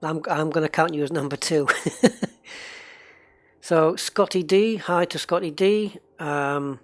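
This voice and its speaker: Here a gamer streams live, talking in an unhurried mid-range voice. The commentary is casual and meandering, with frequent chat reading and replies to viewers.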